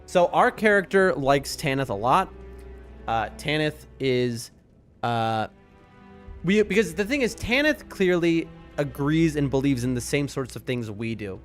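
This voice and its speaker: A man's voice: sing-song, measured pace. A man streaming a game live, chatting casually and rambling to his viewers. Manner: chatty and rambling, talks to his chat, soft high voice when talking to his cats. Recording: faint music behind the voice.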